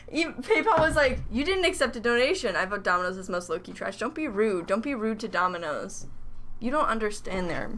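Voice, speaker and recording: A young woman talks casually on her live stream while she works on crafts. She rambles and pokes fun at herself. Her voice is bright and a bit high. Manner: rambling, chatty, self-mocking.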